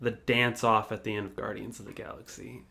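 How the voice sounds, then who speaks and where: A man's voice: lowish voice, level tone, brisk, vocal fry, sharp tone. A man co-hosting a casual podcast chat in an easygoing, hesitant way. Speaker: podcast co-host.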